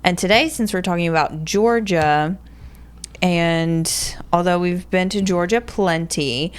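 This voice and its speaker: A Southern woman with a slightly low voice chats on a podcast. She reads facts aloud, stumbles now and then, and laughs easily. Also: unhurried, smooth. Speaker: podcast co-host. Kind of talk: casual chat.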